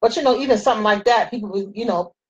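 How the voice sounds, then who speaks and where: A makeup vlogger in her forties chats playfully with viewers while doing her makeup, in a casual way. Her medium-pitched voice races along with a breathy edge, and the recording sounds muffled.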